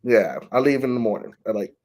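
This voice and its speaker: A man co-hosting a casual sports chat, easygoing and quick to laugh. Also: mid-range voice, animated, a little mellow. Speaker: co-host.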